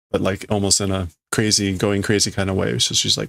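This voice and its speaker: A man hosting a casual livestream, reading Japanese manga lines aloud and translating them haltingly as he thinks out loud. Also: lowish voice, level tone, gravelly.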